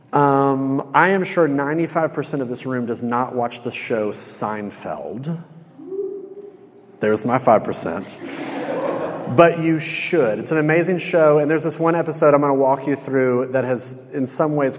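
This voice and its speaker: A man preaching to a room, retelling a sitcom scene with animated quoted lines. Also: medium pitch. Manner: storytelling, animated when quoting. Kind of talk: sermon with retold sitcom scene. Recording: hall reverb.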